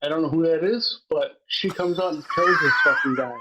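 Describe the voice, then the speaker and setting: A man co-hosting a wrestling podcast, recapping matches in casual, profane, excitable chat and laughing as he goes. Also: fairly high pitch, a little fast, very noisy.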